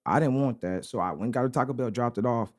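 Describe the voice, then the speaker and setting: A fast-talking young man with a medium-pitched voice co-hosts a podcast. He recounts a story in loose, slangy chat, animated and saying "bro" often.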